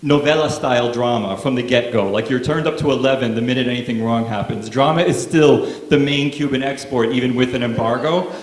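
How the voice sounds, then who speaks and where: A man's voice: medium pitch, brisk, roomy sound, a little hiss or hum. A man doing stand-up, telling family stories in a wry, casual and profane way. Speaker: stand-up comedian. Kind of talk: stand-up comedy storytelling.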